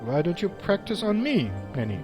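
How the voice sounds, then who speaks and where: A man voicing a scarred, blunt male hero in a low, dry manner. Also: very animated, moderate pace. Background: game music.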